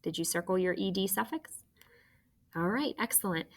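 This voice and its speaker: A woman teacher giving a phonics spelling lesson, dictating words and slowly spelling out letters for young students. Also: mid-range voice, animated.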